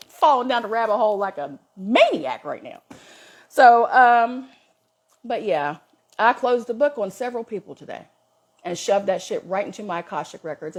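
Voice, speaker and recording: Husky woman with a lively swinging voice. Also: mid-range voice. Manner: blunt, profane, emphatic, chatty. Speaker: spiritual content creator. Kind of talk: casual live-stream monologue.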